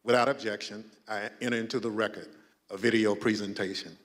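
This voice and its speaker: A man chairing a congressional hearing, speaking in a measured, formal way. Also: fairly low pitch, fairly even intonation, a bit bright, in a large hall. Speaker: committee chairman.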